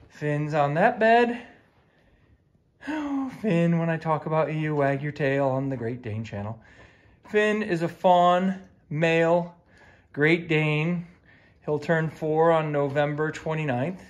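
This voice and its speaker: Chatty man talking to his dogs. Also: fairly high pitch. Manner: chatty, fond, repeats commands to his dogs. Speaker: dog channel host. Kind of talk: casual vlog talk. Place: at home and in the yard with dogs.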